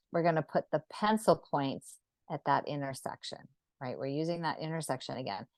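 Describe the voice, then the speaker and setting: This live online drawing lesson is led by a woman whose voice is low and gravelly. Her manner is gentle and slow, punctuated by "right?" check-ins, and the sound is intimate and dry without any echo.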